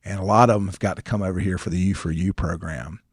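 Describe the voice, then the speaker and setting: A man, a ministry founder and guest, sharing stories in an earnest, animated way, often restarting his sentences. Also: low-pitched, fast, husky, no room sound, studio quality. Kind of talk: conversational storytelling interview.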